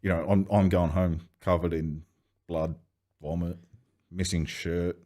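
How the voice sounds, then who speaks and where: A man, telling swearing, animated anecdotes as a podcast guest. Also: low voice, measured pace. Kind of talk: casual storytelling chat.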